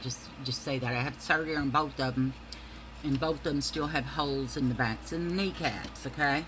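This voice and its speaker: A woman's voice: low-pitched, moderate pace, long pauses, noisy background. A middle-aged woman, telling rambling, profane stories in a casual monologue and calling her listeners y'all.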